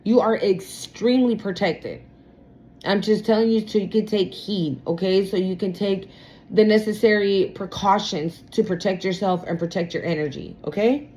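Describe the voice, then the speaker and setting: A woman's voice: medium pitch, normal speed, darkish tone, low-quality recording. A woman giving a casual tarot reading. She talks in a blunt, profane, emphatic way and often repeats herself. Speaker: tarot reader.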